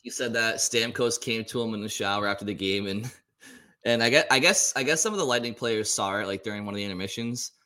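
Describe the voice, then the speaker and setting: A man's voice: on the low side, fast talker, sharp tone. A man co-hosting a casual sports talk show, rambling and often stumbling over repeated words. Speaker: podcast co-host.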